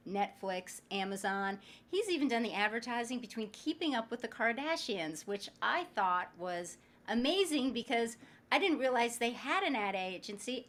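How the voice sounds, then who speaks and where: A woman's voice: mid-range voice, fairly bright tone. A woman hosting a podcast interview, chatty and upbeat, introducing her guest with light jokes. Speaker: podcast host.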